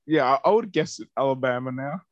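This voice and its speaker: A man's voice: mid-range voice, expressive, fairly quick, dry recording, dull audio. A man co-hosting a casual podcast, rambling about a movie with many fillers and restarts. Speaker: podcast co-host.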